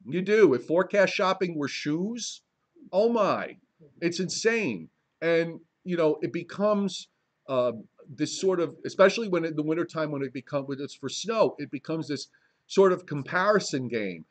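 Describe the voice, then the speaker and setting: A man's voice: a little high, expressive, normal speed. A man, a meteorologist, giving a casual public presentation in a library room, rambling with wry jokes and frequent restarts.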